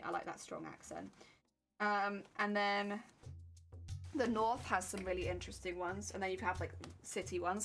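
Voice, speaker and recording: Sewing a costume while she streams, a woman from England talks in a medium-pitched, slightly bright voice. Her chatter rambles, peppered with "like" and "heck yeah."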